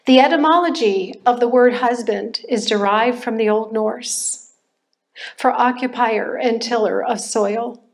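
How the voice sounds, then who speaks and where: An older woman giving a personal testimony at a church class, speaking in a slow, reflective way with pauses and restarts. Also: on the high side, gravelly. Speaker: church member sharing testimony.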